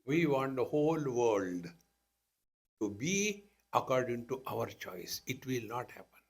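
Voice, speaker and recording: A man's voice: mid-range voice, sing-song, a little slow, vocal fry. Indian man telling stories in a spiritual talk. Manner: storytelling, acting out dialogue, wry humor. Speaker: spiritual teacher. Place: talk to a live audience.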